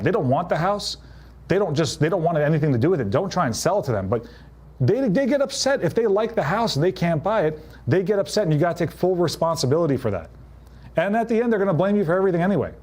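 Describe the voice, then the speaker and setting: A man with a fairly high-pitched voice coaches real estate agents in a live talk. His delivery is punchy and direct, and he slips into quick little impressions of clients to drive each point home. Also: darkish tone. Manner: punchy, acts out quoted clients in changed voices. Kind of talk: live motivational business talk.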